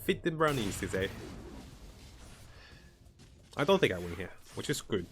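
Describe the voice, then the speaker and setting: Gamer guy, lowish voice, relaxed play-by-play, thinking aloud over faint hiss. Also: a little slow. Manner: thinking aloud, relaxed, talks to himself and the game. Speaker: gaming commentator. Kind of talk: casual live gameplay commentary.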